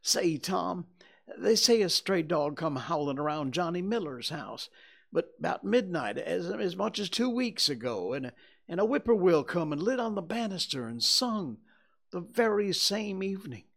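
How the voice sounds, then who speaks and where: A man's voice: high voice, sing-song, vocal fry, pitched above the performer's own voice, full character voice. A man reading a novel aloud, voicing a rustic, superstitious young boy with a folksy drawl. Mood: excited. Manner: folksy drawl, hushed then breathless and quick. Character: rustic, superstitious boy in his early teens. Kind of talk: audiobook character voice.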